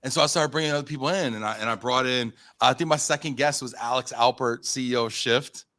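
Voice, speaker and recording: A man in his thirties from the United States, telling a story as a podcast guest, animated and full of fillers, acting out his own quotes. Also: mid-range voice, quick pace. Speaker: podcast guest, company founder. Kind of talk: casual storytelling in an interview.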